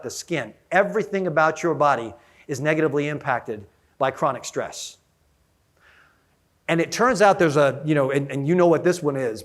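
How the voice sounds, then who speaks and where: A man giving an energetic conference keynote, often asking the audience questions. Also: fairly high pitch. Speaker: conference speaker.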